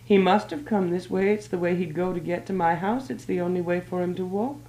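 A woman's voice: on the low side, brisk, dark tone, pitched above the performer's own voice, natural voice. A woman voicing an anxious young woman searching for her missing fiancé, pleading and urgent. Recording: roomy old archive recording.

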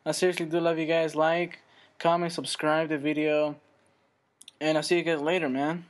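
A young man giving rambling, excitable live commentary while he plays a shooter game, swearing now and then. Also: fairly high pitch, normal speed. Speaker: gaming channel host.

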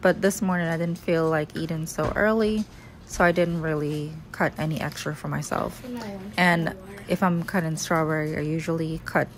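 A woman's voice: low voice, moderate pace. A woman in her thirties with a Jamaican accent, chatting casually through her morning kitchen routine as a vlogger. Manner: relaxed, chatty, explaining routine step by step. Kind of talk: casual vlog narration. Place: home kitchen.

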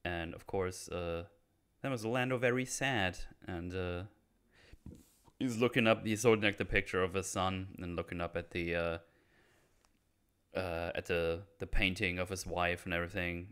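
A man's voice: deep voice, fairly even intonation, moderate pace, a bit bright, clean tone. A man hosting a casual film discussion podcast, talking in a hesitant way with many fillers and restarts. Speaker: podcast host.

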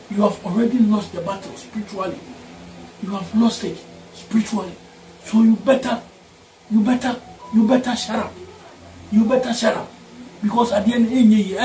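A man with a Ghanaian accent speaks in a high, forceful voice, hammering each point home with repetition. His rant is caught from some distance in a boomy, reverberant room with a faint hum of ambience behind him. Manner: forceful, repeats lines for emphasis, mixes English and Twi. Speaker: party supporter. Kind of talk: heated political rant.

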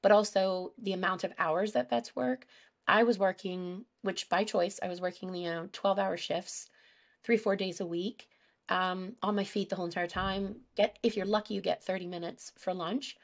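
A woman speaking as a guest on a casual podcast, recounting her experiences openly with plenty of fillers. Her voice has a gravelly, fry-tinged edge at a middling pitch. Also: fairly even intonation, moderate pace. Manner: candid, storytelling, many fillers. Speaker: guest animal behaviorist.

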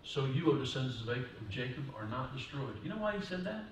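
A male pastor giving a sermon in a church, moving from quiet talk to loud preaching. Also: mid-range voice, big pitch swings, fast, a little hiss or hum. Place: church sanctuary. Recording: distant mic in echoey church hall.

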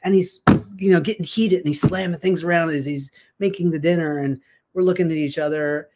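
A woman telling a personal story in a casual, chatty way, animated and full of fillers and restarts. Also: low-pitched, brisk, heavy background noise. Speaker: guest sharing a success story.

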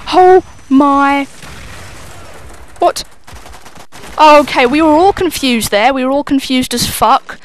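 A young woman gives live gameplay commentary in a high voice, speaking slowly and pausing often. She swears freely and keeps up self-mocking banter as she plays.

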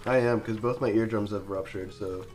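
A man's voice: fairly low pitch, steady tone, normal speed, darkish tone. Chill young guy streamer, kinda mumbly, music behind him. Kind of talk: casual chat.

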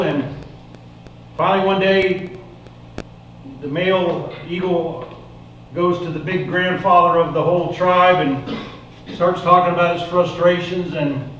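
A man telling a folksy parable as part of a sermon, in an animated, casual way. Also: high voice, slight background noise. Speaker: preacher. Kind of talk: sermon storytelling. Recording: echoey room, mic far off.

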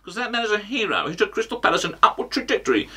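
A man's voice: sits high, big pitch swings, very fast, sharp tone, breathy edge, far from the mic, full character voice. A man doing a pompous, bragging pundit. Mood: mocking. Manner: pompous, insult-heavy mock bravado. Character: brash, pompous male football pundit, insult-slinging. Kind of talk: comedic impression sketch.

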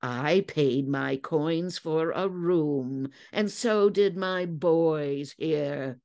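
A woman's voice: sits low, drawn-out words, darkish tone, heavily acted. A woman voicing a cocky, defiant young man in a dramatic story reading. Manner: swaggering, defiant.

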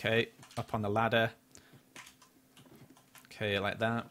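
A man's voice: lowish voice, flat delivery, measured pace, fairly bright tone, a little hiss or hum. A man chatting through a live game stream, criticizing his own play and flaring up at near misses. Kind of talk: live gameplay commentary.

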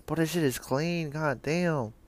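Excitable, profane young man gaming. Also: on the high side, a little slow. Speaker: gamer. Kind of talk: casual gameplay commentary.

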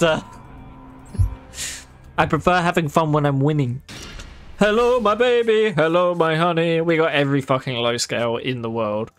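A man giving casual, wry commentary on his own gameplay, swearing freely and talking straight to his viewers. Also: a little high. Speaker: gaming video creator.

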